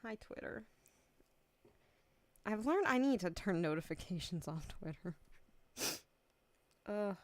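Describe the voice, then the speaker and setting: A woman's voice: medium pitch, lively intonation, slow, long pauses, dry recording. A woman streamer chatting casually on a livestream, emotional and close to tears, laughing often and swearing freely. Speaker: VTuber streamer.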